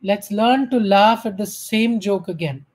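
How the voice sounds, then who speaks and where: A woman with an Indian English accent tells a light, funny story to an online spiritual gathering. Her voice is husky and slightly breathy, at a middle pitch. She talks in a chatty, amused way. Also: measured pace, rough recording. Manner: warm, humorous storytelling with acted quotes. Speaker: speaker at an online spiritual talk. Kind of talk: storytelling talk.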